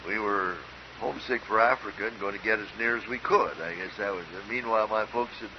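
A man's voice: on the low side, a little fast. An older man from Minnesota preaching a sermon in an earnest, emphatic way, with storytelling asides. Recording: dull lo-fi recording with faint hiss.

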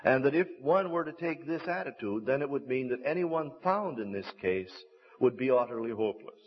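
A man preaching a sermon, telling stories in an earnest, measured and deliberate way. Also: medium pitch, animated. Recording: dull lo-fi recording.

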